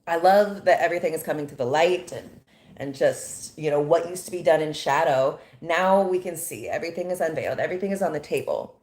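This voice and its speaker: A woman's voice: low voice, brisk, darkish tone. Indignant American woman in echoey room. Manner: emphatic, indignant, rhetorical questions. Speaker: commentator. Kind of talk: impassioned monologue.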